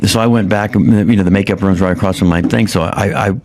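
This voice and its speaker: A man telling stories in casual chat as a comedian guest, often jumping into high-pitched impressions. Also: steady tone, quick pace, darkish tone.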